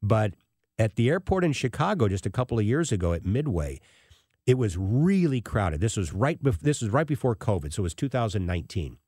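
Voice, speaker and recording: A man hosting a talk radio show, telling a personal story in an animated way and acting out the people he quotes. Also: fairly low pitch, a little fast, no echo, studio quality.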